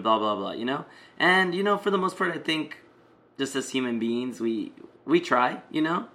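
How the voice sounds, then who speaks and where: A man's voice: mid-range voice, normal speed, sharp tone. A man casually telling a personal story, rambling with many fillers and restarts.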